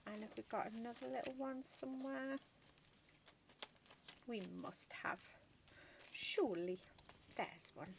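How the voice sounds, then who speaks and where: A woman's voice: on the high side, a little slow, vocal fry, pauses often, a little hiss or hum. A woman chatting casually through a card-making tutorial, gushing over her work with many ums and murmured asides. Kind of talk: casual crafting tutorial chat.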